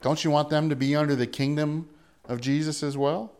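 A man's voice: fairly high pitch, steady tone, brisk, darkish tone. A male pastor preaching a sermon in an earnest way, building to emphatic peaks.

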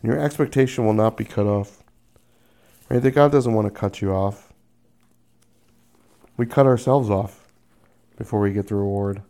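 Gravelly-voiced male preacher. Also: fairly low pitch, dark tone. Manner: acts out quoted voices, drawn-out "mm" sounds. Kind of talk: sermon.

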